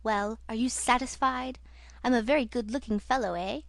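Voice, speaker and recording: A woman's voice: fairly high pitch, steady tone, moderate pace, gravelly, dry recording. Woman narrator doing a raging, self-pitying masked man; intense, taunting audiobook villain. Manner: intense, mocking, then anguished.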